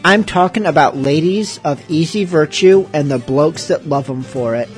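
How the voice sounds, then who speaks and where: Male radio host, slightly high voice, playful and cheeky delivery. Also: moderate pace, faint music behind. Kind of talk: casual radio show hosting.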